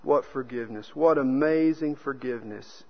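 A pastor with a medium-pitched voice preaches at a moderate pace, telling stories and acting out the people he quotes. The recording sounds dull, with a long hall reverb.

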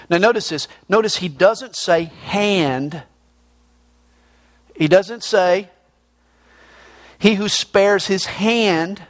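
Middle-aged male pastor, high voice, emphatic sermon delivery. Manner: emphatic preaching, swings between loud and low.

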